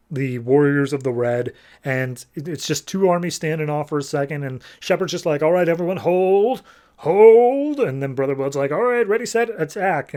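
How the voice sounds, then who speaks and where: A man hosting a comics podcast, giving a casual, quick recap of the plot and briefly acting out characters' lines. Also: mid-range voice, darkish tone. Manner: retells scenes, briefly voicing characters in quotes. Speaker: podcast host.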